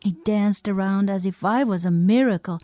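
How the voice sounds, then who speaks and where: A woman reading a storybook aloud in an expressive, animated storytelling manner. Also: mid-range voice, normal speed, dry recording, studio quality. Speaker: story reader. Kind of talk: storybook narration.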